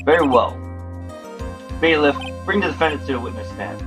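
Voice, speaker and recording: A man voicing an elderly courtroom judge who speaks in formal, measured rulings. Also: mid-range voice, expressive, over music, close to an everyday voice, low-quality recording.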